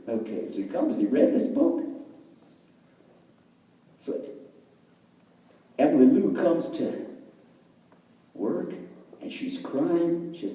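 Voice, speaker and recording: A man telling a story in a sermon, animated, acting out the characters' voices as he goes. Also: fairly high pitch, slow, pauses often. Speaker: rabbi giving a lecture. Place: large lecture hall. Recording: echoey hall, speaker far from mic.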